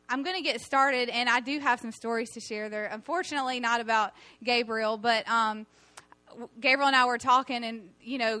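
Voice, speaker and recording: A young adult woman giving a sermon, telling a personal story in a chatty, animated way with many fillers. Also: on the high side, dry recording. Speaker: guest preacher.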